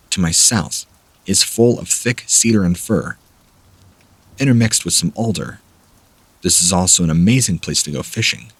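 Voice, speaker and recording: A man reading first-person scary camping stories aloud as a measured, steady narrator. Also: low voice, slightly rough, no echo. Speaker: horror story narrator.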